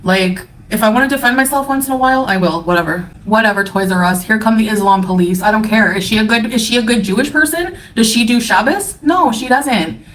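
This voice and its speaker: Scornful woman ranting on a livestream. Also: fairly high pitch. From Canada. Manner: profane, scornful, defensive. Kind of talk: angry livestream rant.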